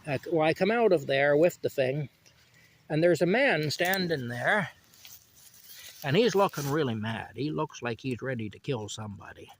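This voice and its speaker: A man's voice: fairly high pitch, lively intonation, moderate pace, a little hiss or hum. A man telling a casual work anecdote outdoors in a rambling way, with frequent fillers, repeating himself as he goes. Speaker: storyteller. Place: outdoors while picking strawberries.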